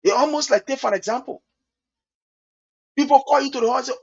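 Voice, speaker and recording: A Liberian man giving impassioned political commentary in a preachy, repetitive way, acting out other people's words in quick asides. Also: very high-pitched, gravelly, husky, muffled recording.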